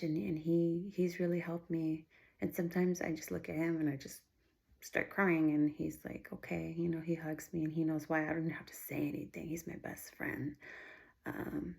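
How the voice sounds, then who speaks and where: Woman, lowish voice, heavy vocal fry, earnest, rambling, heartfelt faith vlog. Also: a little mellow. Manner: earnest, rambling, with frequent restarts. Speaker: vlogger.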